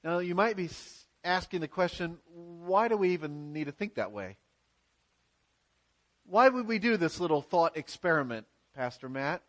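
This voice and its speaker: A man's voice: on the high side, expressive, moderate pace, fairly bright tone. A man pastor preaching a sermon in a church, earnest and emphatic, posing rhetorical questions to his congregation.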